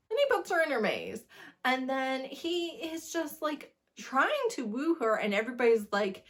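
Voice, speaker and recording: A young woman reviewing books in a casual video, animated and exasperated, laughing as she rants. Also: sits high, measured pace. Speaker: book reviewer.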